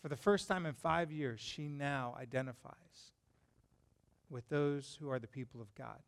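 A man preaching a sermon as a pastor, retelling a Bible story in an animated, conversational way and putting questions to the listeners. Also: medium pitch, a little slow, creaky.

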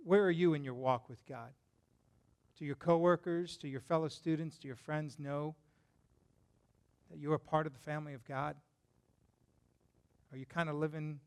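A man preaching a sermon as a pastor, retelling a Bible story in an animated, conversational way and putting questions to the listeners. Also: on the high side, moderate pace, pauses often.

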